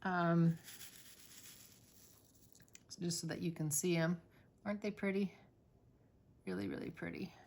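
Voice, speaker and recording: A woman's voice: on the low side, steady tone, a little slow, creaky, long pauses, darkish tone, slight background noise. A woman hosting a crafting channel, chatting casually and in a rambling way while she works on a diamond painting. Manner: rambling and chatty, many fillers.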